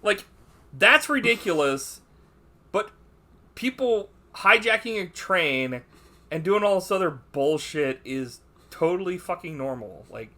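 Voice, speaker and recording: A man's voice: a little high, animated, unhurried, pushed and bright. A man co-hosting a podcast, reviewing a film in casual banter, swearing a lot and doing mocking impressions of the characters. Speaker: podcast co-host.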